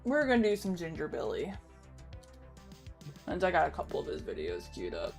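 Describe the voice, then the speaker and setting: A woman's voice: lowish voice, huge pitch swings, moderate pace, vocal fry, faint music behind. A woman hosting a casual reaction livestream, rambling and correcting herself, laughing easily. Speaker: streamer host.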